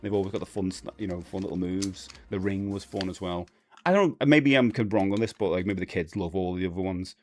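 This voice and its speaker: A man's voice: deep voice, a little fast, soft background music. A man in his forties with a Cockney London accent, hosting a live stream in a casual, rambling chat with lots of fillers and restarts. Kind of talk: casual chat, reading viewer comments.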